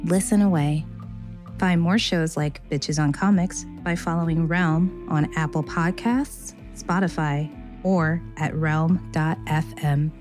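A woman co-host reading a scripted podcast outro and plugs in a steady manner. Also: deep voice, takes it slowly, music in the background. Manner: steady read announcement.

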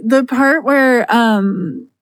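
A woman's voice: a little high, drawn-out words, dry recording. Woman, podcast host, casual chat, enthusiastic, dry sound. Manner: enthusiastic, recommending, chatty.

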